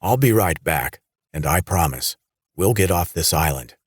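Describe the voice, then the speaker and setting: A deep, husky-voiced police chief, as a narrator voices him talks low and steady despite a wound. He reassures someone with firm, measured calm. The sound is close and dry. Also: dry recording, exaggerated voice. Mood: strained reassuring. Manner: steady, reassuring through pain.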